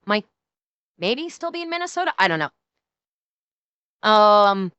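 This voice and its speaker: A woman streamer reacting to a video, excitable and rambling, swearing freely and correcting herself often. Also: medium pitch, slow, clear, resonant tone, no room sound, muffled recording. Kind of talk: casual reaction commentary.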